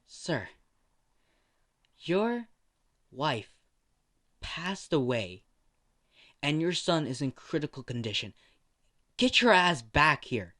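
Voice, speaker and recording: A furious young nurse swears and rants in a voice pushed well above his normal pitch, as a male storyteller puts her on. She sounds exasperated and fed up, and her loud outbursts cut through the slow telling. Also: sing-song, exaggerated voice. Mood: stern. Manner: foul-mouthed, shouting, exasperated.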